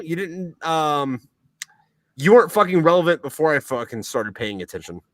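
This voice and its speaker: Animated, heated podcast host ranting. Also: male voice, a little high, normal speed, dry recording, poor audio. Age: adult, military veteran. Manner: heated, swears constantly, animated. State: tipsy. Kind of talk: profane casual rant.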